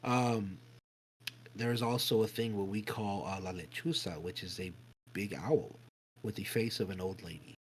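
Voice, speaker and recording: A man co-hosting a podcast, telling a spooky story in a casual, animated way, swearing freely and acting out voices and sounds. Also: on the low side, normal speed, slight background noise, low-quality recording. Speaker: podcast co-host.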